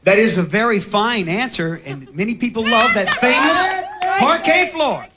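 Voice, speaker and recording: A man hosting a television game show, teasing contestants in quick banter before a studio audience. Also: extremely high pitch, lively intonation. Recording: loud studio audience and noise.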